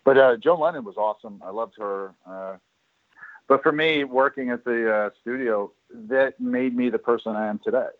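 Speaking at normal speed with a medium-pitched voice, a man recalls his years working at a studio as a guest in a casual interview. His telling rambles, with many fillers and restarts. The sound is dry and comes through a tinny, phone-like line.

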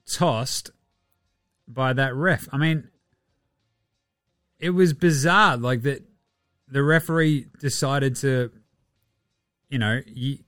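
A man's voice: mid-range voice, a bit bright, no room sound. Profane Australian man, dry close sound. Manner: profane, rambling, chuckling asides. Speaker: podcast host. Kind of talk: casual basketball chat.

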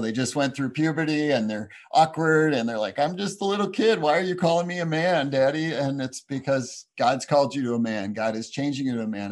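Earnest pastor telling family stories. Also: male voice, medium pitch. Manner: earnest, heartfelt storytelling with frequent "you know" fillers. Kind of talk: conversational interview answer.

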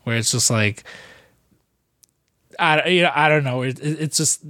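A man's voice: a little high, unhurried, sharp tone, dry recording, studio quality. A young man co-hosting a podcast, rambling and swearing through jokey stories, slipping into quoted voices. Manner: rambling, profane, jokey storytelling with put-on quotes. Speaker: podcast co-host. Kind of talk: casual podcast chat.

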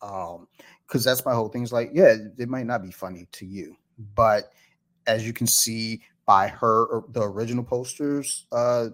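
A man's voice: mid-range voice, normal speed. A man hosting a podcast in casual chat, easygoing, laughing often and swearing casually. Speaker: podcast host.

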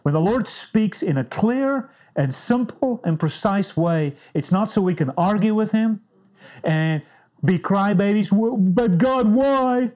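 Slow, emphatic woman preaching, mellow tone. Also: medium pitch, expressive. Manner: emphatic, clipped one-word commands. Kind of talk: sermon.

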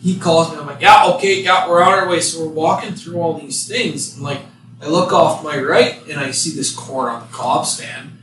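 Chatty profane man with a higher voice. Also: fairly bright tone, far from the mic, slight background noise. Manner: chatty, profane, quick to add jokes. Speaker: podcast co-host. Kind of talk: casual storytelling chat among friends. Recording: echoey room, off-mic, clear ambience.

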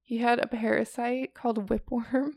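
Woman podcast co-host, tired, rambling storyteller, gravelly voice, dry sound. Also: a little high, little pitch movement, moderate pace, a little mellow, no room sound. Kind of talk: casual chat.

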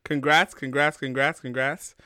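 A man's voice: mid-range voice, normal speed, clean tone, no echo, studio quality. A young man hosting a talk show, ranting bluntly and profanely in casual chat. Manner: blunt, profane, animated storytelling. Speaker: podcast host. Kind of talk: heated casual rant.

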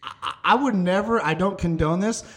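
A man's voice: sits high, a little fast, a bit bright. Brash, swearing young man with a raised voice. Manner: blunt, swears heavily, laughs while telling stories. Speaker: podcast host. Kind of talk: casual profane storytelling chat.

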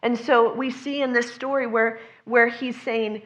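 A woman delivers a sermon in an earnest, conversational tone, her voice sitting a little high. Now and then she slips into other people's voices as she quotes them. The recording sounds slightly dull and lo-fi. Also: fairly even intonation, measured pace, few pauses. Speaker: preacher.

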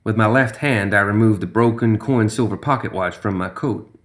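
A man's voice: lowish voice, moderate pace. A man narrating a first-person horror story in a tense, dramatic way.

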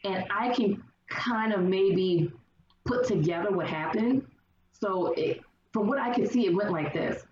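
A woman guest in casual conversation, telling her stories lively and acting out the people she quotes. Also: mid-range voice, unhurried. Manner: animated storyteller acting out quoted voices. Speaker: podcast guest. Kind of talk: casual chat. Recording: roomy, distant, dull sound with faint hiss.

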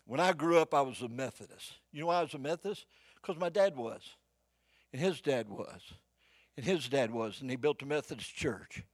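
An older man preaching a sermon to a congregation, folksy, shifting between shouted exhortation and hushed storytelling. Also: medium pitch, expressive, normal speed, dry recording. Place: church before a live congregation.

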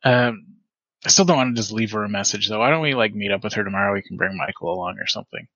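A man voicing a gruff, easygoing female street runner in a tabletop game, in his own plain voice. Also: lowish voice, fast talker, sharp tone, dry recording, dull audio.

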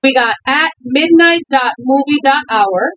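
A woman co-hosting a casual podcast, playful and teasing, laughing often as she reads out listener shout-outs. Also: high voice, unhurried, slight background noise, low-quality recording. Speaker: podcast co-host.

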